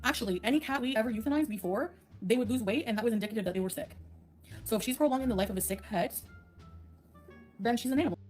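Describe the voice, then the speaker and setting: A woman's voice: fairly high pitch, quick pace, long pauses, a little mellow, soft background music. A woman on a casual livestream, ranting bluntly and sarcastically and laughing often.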